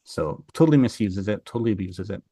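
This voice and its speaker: Low-voiced man telling folk tales. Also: lively intonation, fast, dark tone, slightly rough, no echo. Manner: rambling, many fillers and restarts. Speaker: guest. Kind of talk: casual storytelling in an interview.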